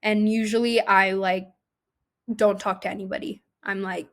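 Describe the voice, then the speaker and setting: A woman's voice: mid-range voice, level tone, normal speed. A young adult woman, an actress guest in a casual interview, talking chattily with many "like"s and "um"s. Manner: chatty, heavy use of "like" and "um".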